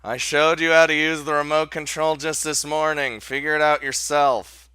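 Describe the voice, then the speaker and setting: A man's voice: on the high side, level tone, normal speed, sharp tone, clean tone, no room sound. A man playing a visual novel, reading the story aloud and adding casual, swearing commentary with laughs and restarts. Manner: casual, swears, laughs, breaks off mid-sentence. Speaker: let's play host.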